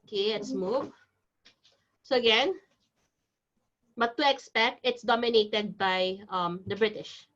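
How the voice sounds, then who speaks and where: A woman's voice: medium pitch, takes it slowly, long pauses, fairly bright tone. A woman teaching an online exam-prep class, explaining step by step in a chatty, reassuring way. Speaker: IELTS teacher. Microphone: video call. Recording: dull video-call audio.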